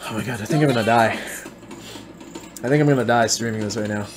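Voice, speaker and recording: Fed-up man reacting live on stream, middle pitch, frank and sweary. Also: quick pace, music in the background. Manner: exasperated, swearing, mock-outraged. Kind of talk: casual reaction commentary.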